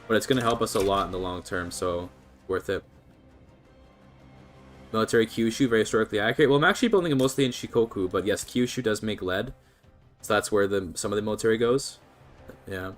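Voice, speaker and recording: A man's voice: on the low side, expressive, fast talker, faint music behind. Laid-back Canadian man streaming a game. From Canada (British Columbia). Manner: chatty, laid-back, reads and answers chat. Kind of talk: casual strategy-game livestream commentary.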